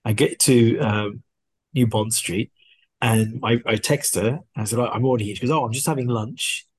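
A man, a podcast guest, casually telling a story and acting out the dialogue in an animated way. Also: mid-range voice, moderate pace, slightly rough. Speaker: guest watch collector.

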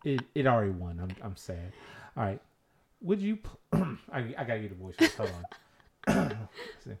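Low, lively-voiced joking male co-host. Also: moderate pace, creaky, very noisy. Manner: joking, teasing, fussy about grammar. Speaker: podcast co-host. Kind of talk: casual chat.

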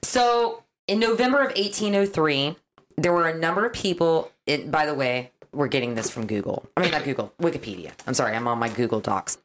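A woman hosting a podcast, chatting casually and narrating a case with quick asides. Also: low-pitched, expressive, slight background noise. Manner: chatty, quick asides while reading notes. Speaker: podcast host.

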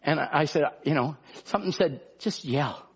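Male pastor, high raspy voice, impassioned conversational preaching, muffled recording. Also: fast talker. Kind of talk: sermon.

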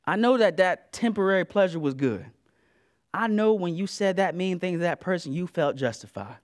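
A man preaching a sermon in an animated, colloquial way, with repeated words and asides to the congregation. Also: sits high, normal speed.

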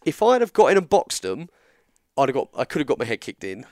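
A guest storyteller from England chats casually, spinning a long tale in an animated way and acting out the other characters' lines as quoted dialogue. His voice sits at a medium pitch and moves fast, recorded dry with studio quality.

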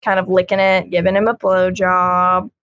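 A woman's voice: on the low side, completely flat delivery, normal speed, a bit bright, dry recording. A woman co-hosting a casual chat about a comic, frank and giggly, acting out lines as she goes. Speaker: podcast co-host.

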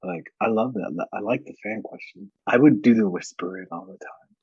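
A man with a husky voice from a damaged vocal cord, chatting and laughing as a podcast co-host. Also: lowish voice, normal speed, no echo, dull audio. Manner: animated, laughing, swears freely. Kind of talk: casual chat.

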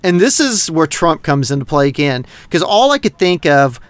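A man's voice: a little high, moderate pace, clean tone, no echo. A middle-aged man from North Texas, a podcast co-host rambling in casual, profane chat. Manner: rambling, heavy swearing, animated.

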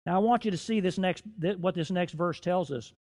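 A middle-aged man preaching a sermon in a church, rising and dropping in loudness and slowing down to stress key phrases. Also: high-pitched. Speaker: guest preacher.

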